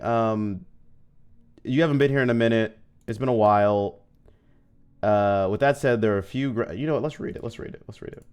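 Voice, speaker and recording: A man's voice: medium pitch, smooth. A man streaming a video game, chatting casually and joking with his viewers as he plays. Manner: chatty and joking, talks to chat while playing. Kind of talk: casual livestream gameplay chat. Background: faint game music.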